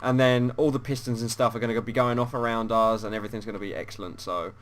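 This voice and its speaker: A man's voice: medium pitch, steady tone, fast talker, fairly bright tone. A man with a British accent hosting a casual gaming chat, joking and laughing often. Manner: chatty, laughs often, jokey. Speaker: host.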